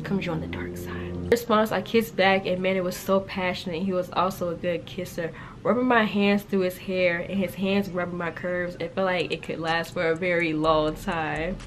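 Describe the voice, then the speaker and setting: A young woman casually reacting to and reading her old writing aloud, animated and slangy, with frequent laughter in her delivery. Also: on the low side, moderate pace, hardly any pauses, soft background music. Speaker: YouTuber.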